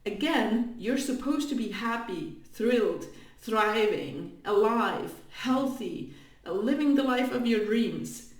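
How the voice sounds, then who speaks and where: A woman's voice: a little high, slow pace. Blunt woman ranting in an echoey room. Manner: animated, blunt, laughs between points. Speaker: twin flame coach. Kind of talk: casual direct-to-camera rant. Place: room, filmed on camera. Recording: echoey room, distant mic.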